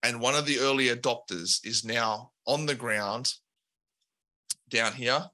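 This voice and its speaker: A man narrating a tabletop game as game master, describing scenes in a relaxed way with filler words. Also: medium pitch, unhurried.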